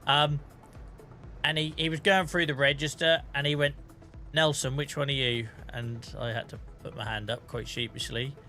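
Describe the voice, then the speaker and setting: A man's voice: mid-range voice, fairly even intonation, moderate pace, pushed and bright, soft background music. A man in his thirties streaming a farming game, telling stories in a chatty way with swearing and laughter. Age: 30s. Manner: chatty, swears and laughs a lot while storytelling. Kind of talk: casual gameplay chat.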